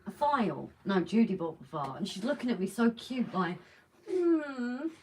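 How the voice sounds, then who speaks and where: A woman's voice: mid-range voice, big pitch swings, brisk, a little mellow. Playful woman, heard from afar. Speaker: livestream co-host. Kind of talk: casual live-stream chat. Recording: voice from a distance, faint noise.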